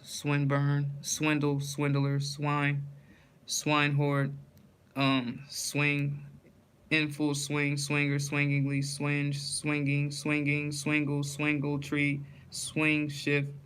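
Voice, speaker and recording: Man, word list read aloud, dead-flat delivery, unhurried, smooth clean tone, slips and restarts. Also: on the high side. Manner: reads words one by one, with frequent slips and restarts.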